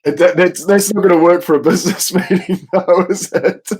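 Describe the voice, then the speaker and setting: A man's voice: sits high, fairly even intonation, moderate pace, husky. A man co-hosting a podcast, chatting casually and chuckling often. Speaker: podcast co-host. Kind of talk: casual chat.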